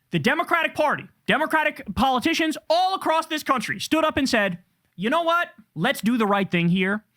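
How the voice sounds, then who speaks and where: A man delivers a heated political rant, swearing freely and dripping with sarcasm. His pitch leaps up and down with animated emphasis. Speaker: political commentator. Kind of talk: ranting commentary.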